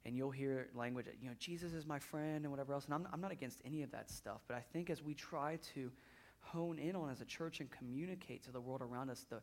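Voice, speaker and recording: A man's voice: mid-range voice, fast, a little mellow. A man in his thirties preaching a sermon in a church, conversational, often repeating words as he builds up intensity. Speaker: pastor.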